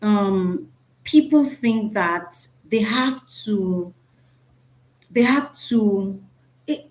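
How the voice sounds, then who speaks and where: A woman's voice: mid-range voice, expressive, very slow, darkish tone. A woman teaching a live online class over a video call, chatty and often checking in with "right?". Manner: chatty, repeats "right?", asks the audience.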